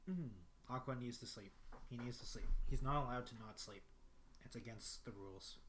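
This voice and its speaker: Young male streamer, mid-pitched, rambling casual chat, faint hiss behind. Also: normal speed, fairly bright tone. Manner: rambling, many fillers and restarts. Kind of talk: casual solo livestream chat. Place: bedroom.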